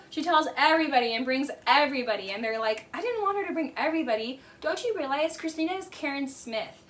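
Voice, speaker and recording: Brief: high-pitched woman, casual reality-TV recap, blunt and chatty, soft noise behind. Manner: chatty, blunt, says "like" a lot. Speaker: reality TV commentator. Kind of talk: casual commentary.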